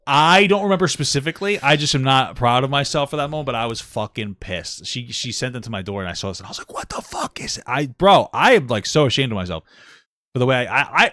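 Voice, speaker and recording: Man, 30s, podcast co-host, blunt and profane, fast talker, dry room. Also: mid-range voice, no echo. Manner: blunt and profane, self-deprecating, animated swings in loudness. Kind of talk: casual chat.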